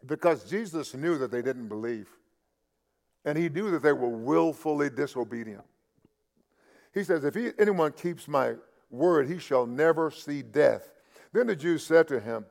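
High, gravelly-voiced man preaching. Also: lively intonation, measured pace. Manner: repeats and restarts words, rises to loud emphatic peaks. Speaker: pastor. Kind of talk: sermon.

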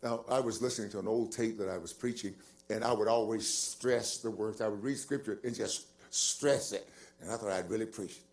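Older preacher swinging quiet to booming. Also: male voice, brisk. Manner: swings from quiet musing to loud, stretched-out emphasis; repeats words for stress, chuckles as he preaches. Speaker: pastor. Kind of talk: sermon.

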